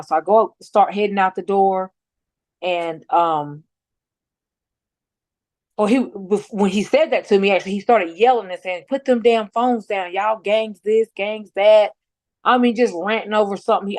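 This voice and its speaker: A middle-aged woman tells a personal account as a guest, outspoken and blunt. She acts out the back-and-forth of a conversation in lively retelling. The recording is dry and close, with pitch sitting in a normal middle range. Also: no room sound. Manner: animated storyteller acting out quoted dialogue. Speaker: guest, bereaved mother.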